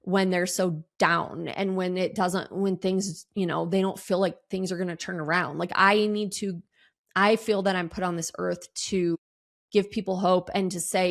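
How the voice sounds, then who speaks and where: Casting: woman in her thirties, middle-pitched, candid rambling podcast host. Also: moderate pace, vocal fry. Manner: candid, rambling, with many fillers and restarts; animated quoted asides in a higher voice. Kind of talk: solo podcast monologue.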